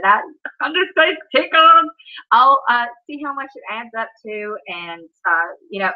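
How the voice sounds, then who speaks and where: A woman, chatting casually on a live stream, reading comments and telling funny family stories with frequent laughter. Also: on the high side. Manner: laughs often, storytelling, says "Oh, Lord". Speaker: livestream host. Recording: dull lo-fi stream audio.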